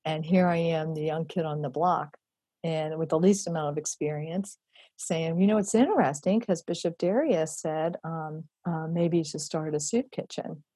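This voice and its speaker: A middle-aged woman telling a personal story in an animated way, acting out the voices she quotes and using many fillers. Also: low-pitched, normal speed, slightly rough, no echo. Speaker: charity founder telling her story.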